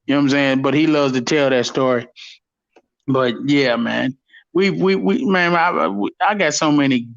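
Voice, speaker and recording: A man hosting a call-in show, telling stories in a profane, animated way and laughing often. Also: mid-range voice, normal speed, creaky, muffled recording. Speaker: host. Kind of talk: casual storytelling chat.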